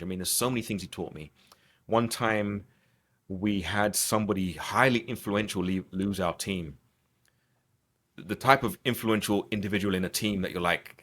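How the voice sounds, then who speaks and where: Earnest low-voiced man, reflective. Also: moderate pace, a bit bright. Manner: earnest, reflective, with frequent restarts and repetitions. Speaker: podcast guest. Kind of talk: conversational interview.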